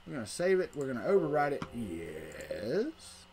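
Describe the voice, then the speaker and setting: A man's voice: mid-range voice, huge pitch swings, moderate pace, noisy background. A middle-aged man, hosting a casual livestream and rambling to his chat while he tinkers. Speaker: livestream host.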